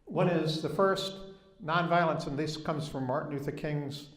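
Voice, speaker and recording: A man's voice: on the high side, moderate pace, slight background noise. An older man from the Southern United States with a Southern American accent, giving a public talk in a storytelling manner and leaning hard on key points. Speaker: guest speaker. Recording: echoey room.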